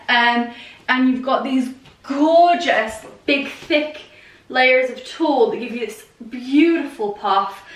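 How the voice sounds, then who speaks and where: A young woman with a British accent talks her way through a dress haul, enthusiastic and full of "like" and "um". Her voice sits high, and she sounds a little far from the mic in a roomy, echoey space at home. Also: a bit bright. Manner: gushing, chatty, lots of "like" and "um". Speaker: fashion vlogger. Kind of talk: casual try-on haul chat. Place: room at home with a heater. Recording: roomy echo, mic at a distance.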